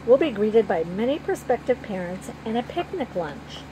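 A woman's voice: fairly high pitch, big pitch swings, normal speed, noisy background. A woman voicing a nun chaperone who addresses a group of orphaned children in a storybook reading. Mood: reassuring. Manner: addresses children warmly and brightly. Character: kindly nun chaperone, adult woman, reassuring.

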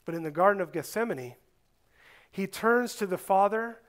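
A man preaching a sermon, earnest and deliberate, rising to stress some words and dropping low on others. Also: lively intonation, fairly bright tone. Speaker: pastor.

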